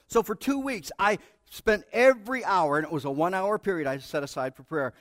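A middle-aged male preacher with a somewhat high voice, animated and self-mocking as he tells a story. His delivery swings from hushed to loud, and the recording is dry and close. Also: fairly quick, hardly any pauses, no room sound. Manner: self-deprecating humor. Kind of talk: sermon with storytelling.

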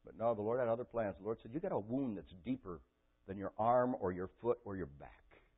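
A man preaching a sermon and telling a personal story with strong emotion, his voice swinging from loud and intense to quiet and soft. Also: fairly low pitch, expressive, a little fast, slightly rough. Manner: emotional storytelling, rising to near-shouting. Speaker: pastor. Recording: tinny phone-like audio.

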